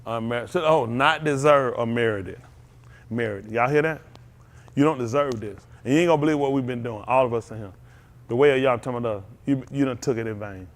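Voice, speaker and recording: A middle-aged man, preaching an animated sermon as pastor, laughing and calling out to the congregation. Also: mid-range voice, fairly quick. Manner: animated preaching with laughs and audience call-outs.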